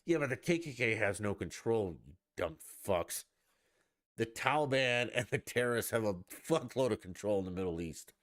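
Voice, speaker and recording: Man, podcast host, low voice, dry close sound, sarcastic, profane rant. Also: expressive, normal speed, a bit bright, dry recording. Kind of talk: casual ranting commentary.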